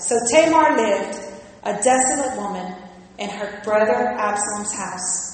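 A woman preacher telling a story as a sermon, emphatic and animated, calling on the congregation to repeat after her. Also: medium pitch, a little slow. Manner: animated storytelling, acting out scripture voices; emphatic repetition, calls on the congregation. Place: church sanctuary. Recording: loud echo, long hall reverb.

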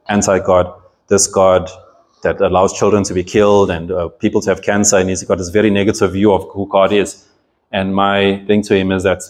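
A man's voice: low voice, darkish tone. A man preaching a sermon, reading scripture aloud and explaining it with earnest emphasis and frequent restarts.

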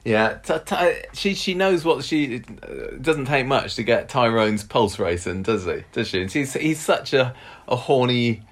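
Very deep-voiced woman, teasing. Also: expressive, unhurried. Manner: teasing, wry interjections. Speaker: podcast co-host. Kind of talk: casual chat.

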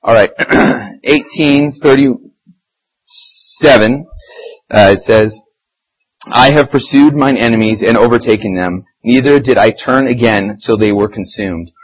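A man's voice: mid-range voice, takes it slowly, husky, rough recording. A man giving an informal, conversational church sermon, reading scripture and getting heated as he talks. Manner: animated, conversational, grows heated when describing fighting Satan. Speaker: church lay preacher.

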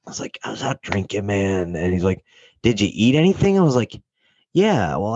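A young man tells a rambling, profane story, jumping into the voices of the people in it. His voice sits on the low side. The sound is slightly muffled and very dry, with no room around it. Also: sing-song, normal speed, vocal fry, darkish tone, slightly rough, dry recording. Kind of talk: casual storytelling.

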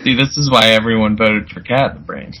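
A man with a fairly low, pushed and bright voice co-hosts a podcast at normal speed, heard through poor audio. Laid-back and laughing, he recaps a movie in casual chat and acts out characters' lines in quotes.

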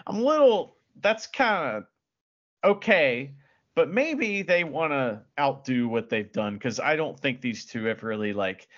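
Animated joking man, lo-fi sound. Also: mid-range voice, a little slow. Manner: joking, animated, breaks into laughter and shouted crowd impressions. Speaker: podcast co-host. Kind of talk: casual wrestling chat.

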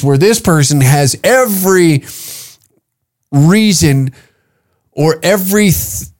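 A man's voice: a little high, darkish tone. A man hosting a comedy podcast, ranting in an exasperated, profane way. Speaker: podcast host.

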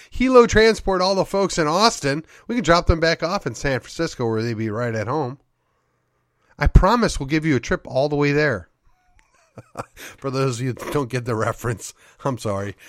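A man's voice: medium pitch, no room sound. Sarcastic man riffing, dry close mic. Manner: sarcastic, needling, rhetorical questions. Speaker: podcast host. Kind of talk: opinionated monologue.

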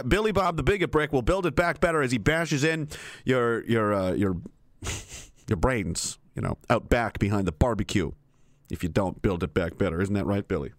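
A man's voice: on the high side, a bit bright, no room sound, studio quality. A man hosting a livestream show, rambling and swearing freely, laughing often as he reads chat comments aloud. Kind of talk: profane, rambling livestream rant.

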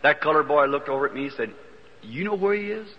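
Man, Southern Indiana accent, folksy preacher, storytelling sermon, high voice, muffled old recording, reverberant hall. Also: fast, background noise. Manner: folksy, animated storytelling with rising fervor.

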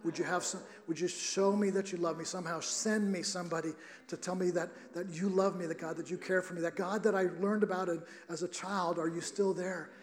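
A man's voice: high voice, steady tone, a little fast, few pauses. A middle-aged man preaching a sermon, telling a personal story earnestly with many restarts.

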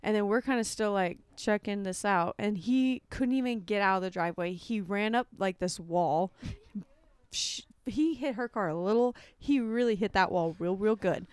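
A young woman in casual chat, trading loud, crude banter with her co-host. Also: medium pitch, normal speed, clear, resonant tone, no echo.

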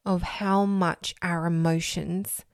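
Slow, earnest woman telling her story. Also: fairly low pitch, flat delivery, no room sound, clean studio sound. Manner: earnest, reflective, laughs between thoughts. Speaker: podcast host. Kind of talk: personal storytelling monologue.

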